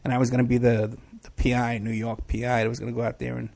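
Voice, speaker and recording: Man, middle-aged, podcast host, casual rambling chat, gravelly, mid pitch. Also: completely flat delivery, fast talker, darkish tone. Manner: rambling, loose, many fillers and restarts. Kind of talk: casual live-show chat, reading chat questions.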